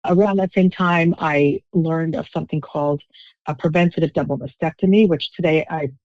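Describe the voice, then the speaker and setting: A woman's voice: deep voice, steady tone, moderate pace, no echo, dull audio. A woman in her fifties, an author telling her story in a podcast interview over the phone, wry and self-deprecating. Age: 50s. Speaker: author, guest. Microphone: phone call.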